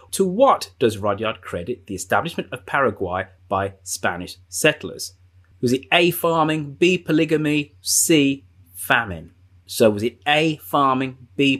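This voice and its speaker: A man's voice: medium pitch, expressive, measured pace, a bit bright. A man hosting a live quiz on a video call, reading out answer options and joking with guests. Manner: jokey, reads options aloud with repetition. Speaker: quiz host.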